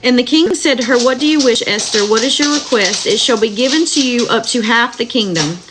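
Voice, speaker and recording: A woman slowly reading Bible passages aloud at home, stopping to chat warmly with viewers. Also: fairly high pitch. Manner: slow, tender reading, chats with viewers. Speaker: Bible reader. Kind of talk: live-streamed Bible reading with chat asides. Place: home with dogs running about. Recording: noisy home recording.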